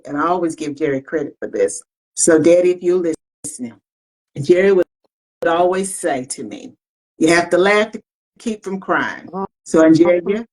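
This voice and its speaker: A woman's voice: sits low, darkish tone. A woman co-hosting a talk show, sharing advice in an earnest, reflective way. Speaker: co-host. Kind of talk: casual heartfelt talk.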